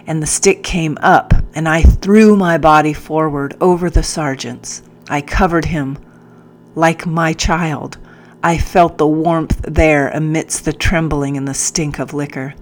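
A woman narrating a first-person audiobook in a measured, earnest way. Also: low voice, fairly even intonation.

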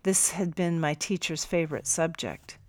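A woman narrating a first-person story for an audiobook in a calm, measured way. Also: sits low, no echo.

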